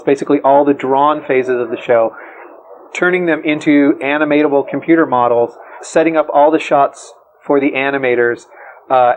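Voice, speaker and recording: A man's voice: mid-range voice, slight background noise, rough recording. A man, an animation technical director, carefully explaining his unit's job. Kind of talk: documentary interview.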